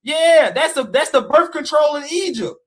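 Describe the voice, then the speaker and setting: A man's voice: very high voice, animated, normal speed, shouting. A man in a heated livestream rant, mocking and challenging, repeating his dares. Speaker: live stream guest debater. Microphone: live stream call mic.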